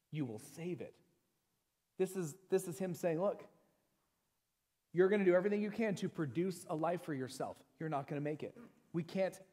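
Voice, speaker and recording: A middle-aged man preaching a sermon as pastor, talking in a conversational, joking way with personal stories and reading scripture slowly with emphasis. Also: a little high, darkish tone. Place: church sanctuary. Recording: long church hall reverb.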